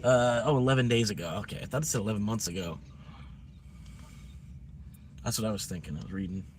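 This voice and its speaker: A man's voice: on the low side, quick pace, slight background noise. A man chatting casually on a live stream, rambling in a laid-back way.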